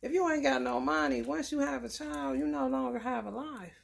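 A woman's voice: high-pitched, moderate pace, vocal fry. A woman giving a blunt, profane, preachy casual tarot reading. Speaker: tarot reader.

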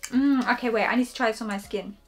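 A young woman reviewing perfumes in a casual vlog, gushing and excitable as she talks to her viewers. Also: a little high, fast, faint music behind. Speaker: fragrance reviewer.

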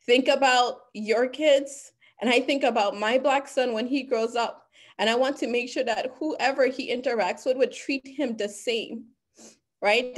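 A woman giving an earnest, emphatic talk, speaking with deep conviction about lived experience. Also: a little slow. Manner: earnest, emphatic, becomes emotional. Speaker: guest speaker. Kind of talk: impassioned talk.

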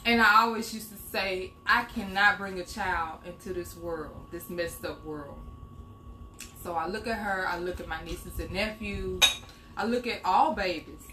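A woman's voice: on the low side, unhurried. A middle-aged woman co-hosting a live home cooking stream, chatting and teasing as she reads out viewer comments. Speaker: co-host of a live cooking show. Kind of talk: casual live-stream chat. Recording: echoey room with background noise.

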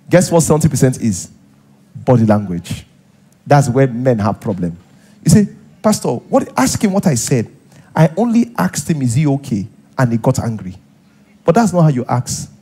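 Very animated and warm, with a fairly high pitch and a slightly rough edge, a Nigerian-accented pastor preaches at a moderate pace. In the church hall he acts out small scenes and repeats points for emphasis.

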